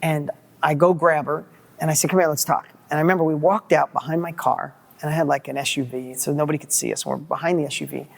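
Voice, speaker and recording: Middle-aged male guest, motivational storyteller, animated, repeats himself when fired up. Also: a little high, fast talker, gravelly. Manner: animated, acts out quoted dialogue, repeats words when excited.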